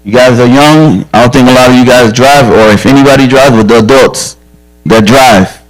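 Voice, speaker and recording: A man's voice: mid-range voice, normal speed, rough recording. A man who is a police officer, giving a direct, earnest safety talk to children at a church camp and telling stories from his own life. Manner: direct, earnest, frank storytelling.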